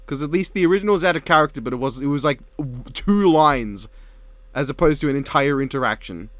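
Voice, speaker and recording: A man talks through a casual commentary chat, his voice sitting a bit high and swinging widely in pitch. He is animated and swears freely, and the sound is dry with no room around it. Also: fast talker, no room sound. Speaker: co-host.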